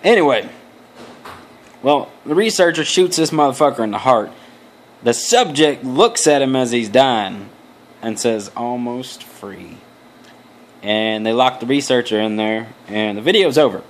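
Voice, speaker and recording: A man's voice: medium pitch, animated, normal speed. Young man rambling crude jokey storytelling. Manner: crude, profane, joking asides; loose, meandering, many restarts. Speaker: vlogger.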